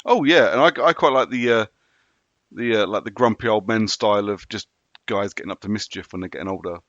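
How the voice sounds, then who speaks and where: Low-voiced man on dull, dry audio. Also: a little fast, a bit bright, no room sound. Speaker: podcast co-host. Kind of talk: casual podcast chat.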